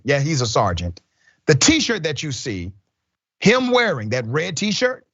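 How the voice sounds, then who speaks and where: A male news host talks with a lively, swinging pitch and hammers each point home by repeating it. The sound is dry and a little dull. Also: no echo. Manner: emphatic, repeats points for stress. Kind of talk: news commentary.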